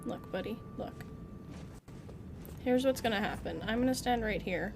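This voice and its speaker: Over loud background music, a young woman streams a game, playfully talking with viewers and teasing the on-screen character. Her mid-range voice carries vocal fry at a normal speed.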